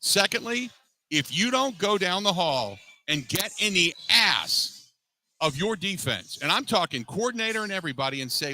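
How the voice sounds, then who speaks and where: A man's voice: high voice, very animated, normal speed, pushed and bright, poor audio. A man hosting a post-game sports call-in show, emphatic, repeating himself with frequent restarts. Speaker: sports radio host.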